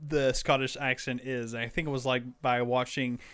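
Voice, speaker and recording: Smooth-voiced rambling podcast co-host. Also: male voice, medium pitch, flat delivery, normal speed, fairly bright tone. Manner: rambling, filler-heavy, chuckling. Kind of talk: casual chat.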